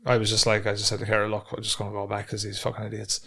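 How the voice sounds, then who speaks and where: A man's voice: lowish voice, completely flat delivery, racing, gravelly, a bit bright, breathy edge. An Irish man co-hosting a podcast, telling a profane, ranting story in casual chat. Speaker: podcast co-host.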